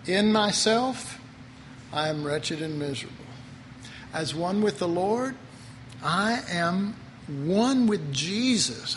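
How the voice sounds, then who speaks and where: A man giving an informal Bible teaching, playful and animated, acting out quotes with humor. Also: high-pitched. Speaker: preacher. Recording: reverberant hall, faint noise.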